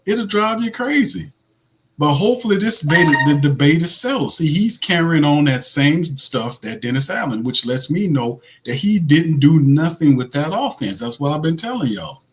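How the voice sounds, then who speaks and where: A man with a naturally raspy voice hosting casual live fan commentary, animated, blunt and slangy, laughing often. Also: a little high, normal speed, a little hiss or hum. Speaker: host.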